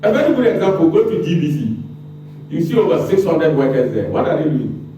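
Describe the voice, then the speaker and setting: A man's voice: on the high side, sing-song, a little fast, dark tone, slight background noise. A man with a Ghanaian accent giving a public lecture, impassioned and firing rhetorical questions at the audience. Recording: very echoey room, mic far off.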